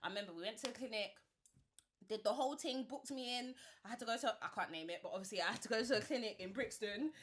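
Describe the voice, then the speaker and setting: A woman's voice: on the high side, fast talker, fairly bright tone, a little hiss or hum. A woman in her twenties with a London accent, telling her story animatedly with plenty of slang as a podcast guest. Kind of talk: casual chat.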